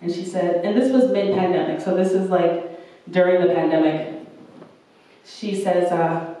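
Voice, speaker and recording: A young woman delivers a sermon from a church hall, earnest and warm in her storytelling. She slips into the voices of the people she quotes. The sound is very roomy and heard from some distance off the mic. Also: lowish voice, steady tone, a little slow. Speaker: preacher.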